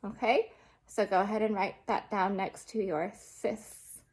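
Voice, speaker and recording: A young adult woman teaching a remote lesson, slowly and patiently sounding out words for children. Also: medium pitch, steady tone, a little mellow, breathy edge.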